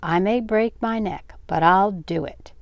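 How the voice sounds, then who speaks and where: An older woman reading aloud, voicing a fussy, excitable middle-aged aunt who talks loudly and emphatically. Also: unhurried, gravelly, no room sound. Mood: nervous. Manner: loud, shrill, emphatic.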